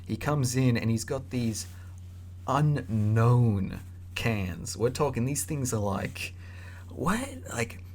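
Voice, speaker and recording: A young man telling a casual story in an animated, slangy way. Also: medium pitch, a little slow, a little hiss or hum. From Australia. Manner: animated, slangy, acts out voices.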